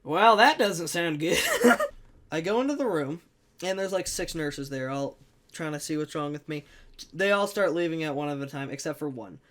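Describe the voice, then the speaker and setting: A young man telling a comic personal anecdote in an animated, jokey way, with sudden loud bursts. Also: a little high, normal speed. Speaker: storyteller.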